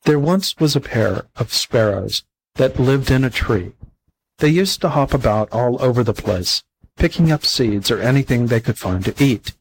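Husky-voiced man reading a fable. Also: medium pitch, lively intonation, normal speed, poor audio. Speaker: volunteer audiobook reader. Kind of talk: storybook narration.

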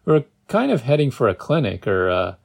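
A man's voice: medium pitch, big pitch swings, moderate pace, vocal fry. Guy doing a sheepish young driver, defensive. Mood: apologetic. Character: reckless young male driver, apologetic.

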